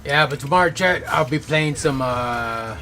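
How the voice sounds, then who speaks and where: A man's voice: mid-range voice, measured pace, sharp tone, soft background music. A male game streamer chatting casually with viewers, rambling and loose with lots of fillers and self-corrections. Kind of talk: casual chat.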